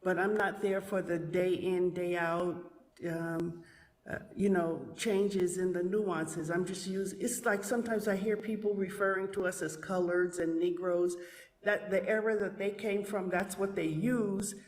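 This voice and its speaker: A woman from the United States calling in, explaining herself politely and at a measured pace. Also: lowish voice, fairly even intonation, a little mellow, in a large hall. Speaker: caller. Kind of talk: call-in chat.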